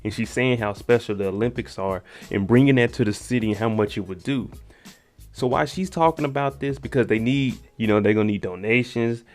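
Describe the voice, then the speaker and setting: A man's voice: mid-range voice, fairly quick, darkish tone, soft background music. A man giving a casual, joking recap of a TV episode, talking slangy and aside to the viewer. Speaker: TV recap host.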